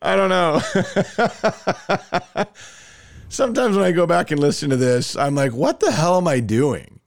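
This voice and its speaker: A man hosts a casual sports talk podcast, and his pitch swings widely as he tells stories in an animated, self-mocking way. His voice sounds close and dry, with no room around it. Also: fairly quick, gravelly, no room sound. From Alabama, US. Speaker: podcast host.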